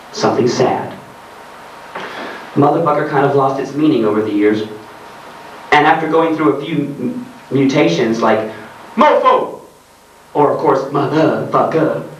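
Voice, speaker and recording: A man's voice: mid-range voice, a little hiss or hum. Sardonic man reading in an echoing hall. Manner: sardonic ranting, laughs at his own jokes. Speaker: author reading his own work. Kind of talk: comedic reading to a live audience. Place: arts centre hall in Germany. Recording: roomy live hall, distant mic, faint ambience.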